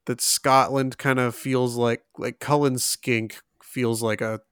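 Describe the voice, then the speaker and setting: A young man runs a casual trivia game, taking his time and reasoning out loud between laughs. His voice is smooth and resonant, recorded close and dry with no room sound. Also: medium pitch, little pitch movement, slow, dry recording. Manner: reads questions aloud, thinks out loud with laughs. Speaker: co-host of a trivia contest.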